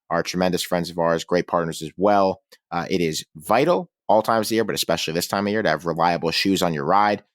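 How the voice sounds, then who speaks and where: A man with a deep, low-pitched voice hosts a college football podcast in an easy, conversational way. He moves from game chat into upbeat sponsor reads. The sound is dry and close, with no room around it. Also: no room sound. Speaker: podcast co-host. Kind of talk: casual sports podcast talk.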